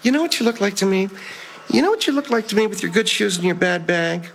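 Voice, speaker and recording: A man's voice: sits high, lively intonation, fast, fairly bright tone, slight background noise, voice pushed up. A man impersonating a cold, menacing psychiatrist. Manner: cold, condescending, precise.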